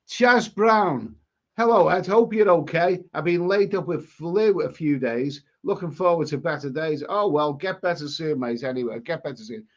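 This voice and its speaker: A man's voice: a little high, highs cut off. A man with a Scouse accent hosting a live stream, chatting casually and rambling through viewer comments with many restarts. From England.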